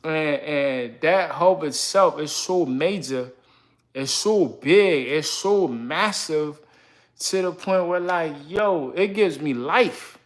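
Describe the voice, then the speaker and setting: A man's voice: a little high, slow pace. A young man talking casually on a live stream, slangy and full of repeated filler phrases. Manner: slangy, repeats "you know what I'm saying". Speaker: livestreamer.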